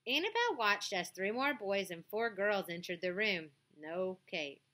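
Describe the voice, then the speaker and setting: Bright-voiced woman reading kids' chapter book, plain and gentle. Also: mid-range voice, sing-song, a little slow, hardly any pauses. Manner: plain, gentle storybook reading with casual asides. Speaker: storyteller reading aloud.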